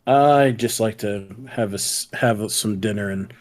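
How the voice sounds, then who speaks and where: Man, tabletop player, slow and low, halting. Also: a little mellow. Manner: hesitant, slightly formal in character. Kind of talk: tabletop role-play.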